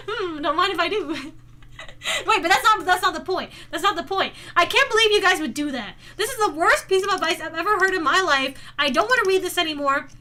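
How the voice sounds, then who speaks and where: A young woman streaming live, reading viewer questions aloud and answering them in an animated, giggly, mock-outraged way. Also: very high voice. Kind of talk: casual livestream chat, reading viewer questions.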